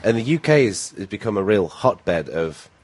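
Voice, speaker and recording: A man's voice: on the low side, big pitch swings, moderate pace, a little mellow, husky. A man co-hosting a podcast, trading joking, sweary banter at a conference. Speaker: podcast co-host. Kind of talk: casual chat. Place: conference venue.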